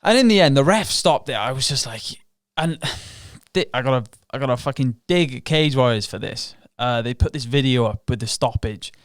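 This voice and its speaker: A man on a podcast recounts a fight in loose, candid storytelling, swearing freely and slipping into the voices of his own racing thoughts. His voice is mid-pitched and recorded close and dry, with no room sound around it. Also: expressive, moderate pace, few pauses, no echo. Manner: frank and profane, relives moments with quoted inner thoughts. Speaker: podcast guest, professional MMA fighter. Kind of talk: casual interview storytelling.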